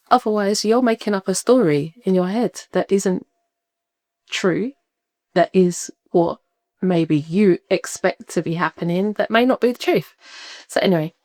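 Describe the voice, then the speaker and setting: Animated woman telling her story. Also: on the low side, no room sound, studio quality. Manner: animated, acts out quoted voices, laughs often. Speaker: podcast guest. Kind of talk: personal storytelling in conversation.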